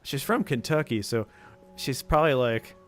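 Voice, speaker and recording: A man's voice: medium pitch, normal speed, a bit bright, faint music behind. A man streaming live, chatting goofily with his viewers and laughing often. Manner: goofy, laughs a lot, chats with viewers. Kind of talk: casual live-stream chat.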